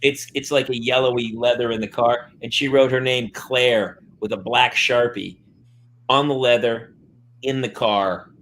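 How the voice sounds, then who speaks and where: With slight background noise in the mix, a middle-aged man hosts a podcast in a medium-pitched voice, keeping a measured pace. His casual storytelling is animated, full of acted-out quotes and frequent laughter.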